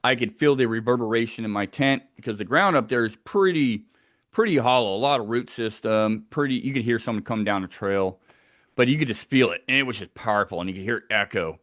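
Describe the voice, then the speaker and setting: A man's voice: medium pitch, brisk, a bit bright, dry recording, clean studio sound. A man telling a tense first-person story of a wilderness encounter, acting out the sounds as he goes.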